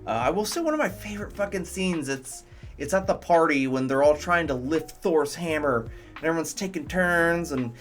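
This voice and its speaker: A man's voice: a little high, expressive, moderate pace, fairly bright tone, faint music behind. A man reviewing movies in casual commentary, enthusiastic, profane and rambling.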